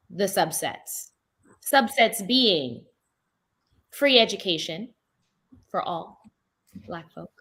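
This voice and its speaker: A woman's voice: medium pitch, a bit bright. A woman answering as a game show contestant, laid-back and joking with casual slang.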